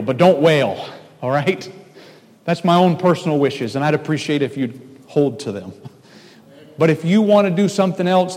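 A man with a somewhat high voice delivers a sermon in an earnest pastoral tone. He speaks directly to his congregation. His voice rings out with a long reverb from a church hall. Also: darkish tone.

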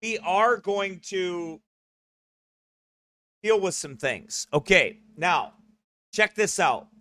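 Forceful, rambling male broadcast host. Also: high voice, animated, takes it slowly, dry recording. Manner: rambling, repeats "okay?" and "right?"; laughs often while talking.

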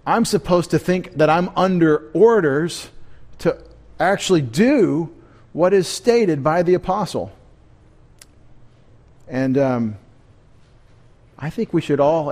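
This pastor's voice is a little high and a touch mellow as he gives a midweek sermon. His approach is conversational, with questions for the congregation and humorous asides.

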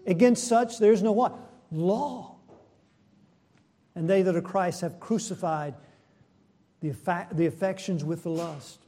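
A man preaching a sermon, asking the congregation questions and rising in pitch and force when he presses a point before dropping low and soft again. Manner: slow, deliberate delivery with rhetorical questions.

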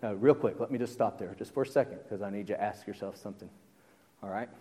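A man's voice: lowish voice, fast, warm tone. Guy pastor giving a sermon, talks casual and asks the crowd stuff, voice rings out in a big hall. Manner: conversational, asks the congregation questions. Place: church.

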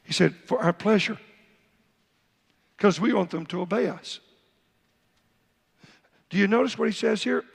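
A man's voice: high voice, normal speed, creaky, pauses often, slightly rough, big-room sound. A man, the pastor, preaching a sermon, reading Bible verses aloud and acting out a father's talk with his son. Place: church sanctuary.

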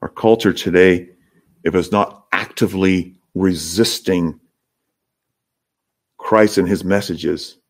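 A man's voice: low voice, steady tone, takes it slowly, long pauses. A man preaching a sermon as pastor, earnest and emphatic, lifting his voice when he acts out the crowds. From Canada.

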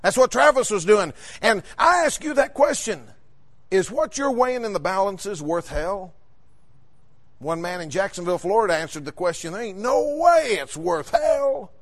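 High-voiced preacher man. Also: moderate pace. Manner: fervent, rising to shouts on key points. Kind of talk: sermon with personal storytelling.

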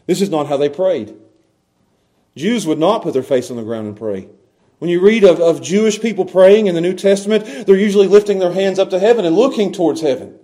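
A middle-aged male pastor preaching a sermon, dropping to hushed low tones and then rising to loud, impassioned cries. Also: expressive, moderate pace, long pauses.

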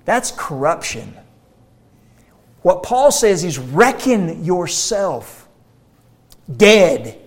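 A man preaching a sermon, emphatic, swinging between quiet explanation and loud, forceful declarations. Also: sits high, sing-song, very slow, pauses often.

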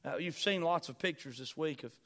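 A pastor preaching a sermon, reading scripture aloud and repeating key phrases with rising emphasis. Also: male voice, on the high side, fairly quick, a bit bright.

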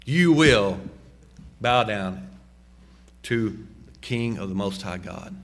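A man preaching a sermon, slowing down and dropping low on key phrases and rising sharply when he exhorts. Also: animated, fairly bright tone. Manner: emphatic, slows and drops low on key phrases; rises sharply in pitch and volume when exhorting. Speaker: pastor.

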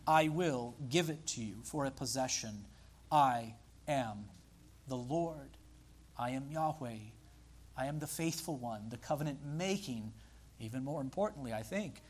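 Earnest preacher, slightly high-pitched man. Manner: earnest, slows and stresses key phrases; addresses the congregation directly. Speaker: pastor. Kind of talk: sermon.

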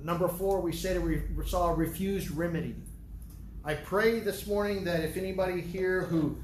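A man's voice: fairly high pitch, a little hiss or hum. A man, a pastor, giving an earnest, emphatic sermon and often restarting his sentences. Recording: roomy hall sound.

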